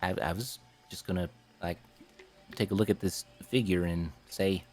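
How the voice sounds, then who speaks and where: A man's voice: sits low, normal speed, darkish tone, faint music behind. A man playing a tabletop game, laid-back and joking. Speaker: player. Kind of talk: casual tabletop game play.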